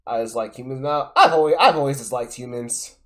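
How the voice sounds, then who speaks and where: A man's voice: medium pitch, fairly quick. A man streaming live and reacting to a clip in casual, profane commentary, exasperated and repeating himself. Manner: exasperated, repetitive, profane, swings loud and soft.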